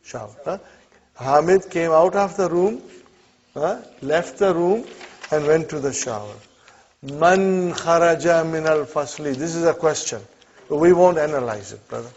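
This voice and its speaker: Patient Arabic teacher, dull lo-fi recording. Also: male voice, on the high side, expressive, darkish tone. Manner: drills with repeated "huh?" and "okay?" checks; patient, encouraging, slows down for students. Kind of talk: classroom lesson.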